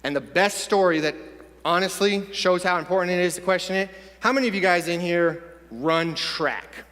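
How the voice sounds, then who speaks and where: A man giving an energetic, punchy motivational speech to a young audience in a large conference hall. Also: sits high, normal speed. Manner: energetic, punchy, addressing the crowd directly. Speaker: motivational speaker.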